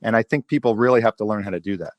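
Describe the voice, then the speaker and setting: A man's voice: on the low side, rapid-fire, no room sound. A man hosting a podcast who talks emphatically in casual chat, often repeating words as he gets going. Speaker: podcast host.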